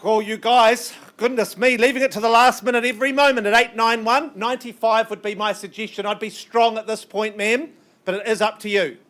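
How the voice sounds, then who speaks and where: A man working as an auctioneer, calling bids in a brisk, coaxing patter with banter, his voice strained and getting worn. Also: high voice, steady tone, fairly bright tone. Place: auction room.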